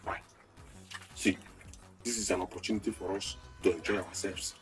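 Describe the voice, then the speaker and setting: A man's voice: low voice, fairly even intonation, moderate pace, soft background music, natural voice. A man with a Nigerian accent playing a boastful, rambling schemer who calls himself a master planner. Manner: boastful, rambling, bursts into shouting. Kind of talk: Nollywood film acting.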